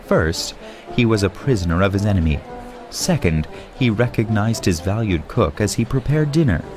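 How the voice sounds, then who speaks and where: Expressive male audiobook narrator. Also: fairly low pitch, normal speed, music in the background. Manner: lively, expressive storytelling. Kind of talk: audiobook reading for English learners.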